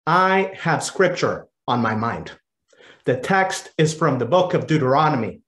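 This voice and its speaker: A priest reads scripture and speaks to a gathering in a solemn, rhythmic cadence. His voice sits a little high. The room echoes around him on a video call. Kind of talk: scripture reading and address.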